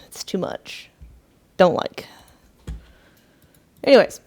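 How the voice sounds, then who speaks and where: A woman's voice: slow, a little mellow. A woman streamer making blunt, offhand comments while reacting to a video. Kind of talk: casual chat over a video.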